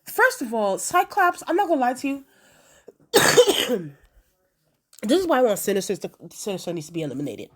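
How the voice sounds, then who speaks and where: Chatty higher-voiced woman reviewer. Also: moderate pace, long pauses, husky. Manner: animated, acts out quotes; chatty, many fillers. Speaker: video reviewer. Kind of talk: casual episode review.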